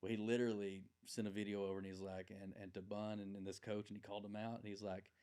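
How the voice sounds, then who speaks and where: A man's voice: fairly low pitch, little pitch movement, quick pace, darkish tone, smooth. A man in his forties, a podcast guest, telling a long anecdote in a casual, rambling way with plenty of fillers. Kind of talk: casual storytelling.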